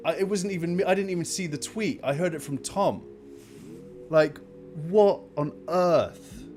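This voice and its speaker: Animated man hosting a live stream. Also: medium pitch. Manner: animated, exasperated storytelling; rambling with many fillers. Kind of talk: casual live stream chat.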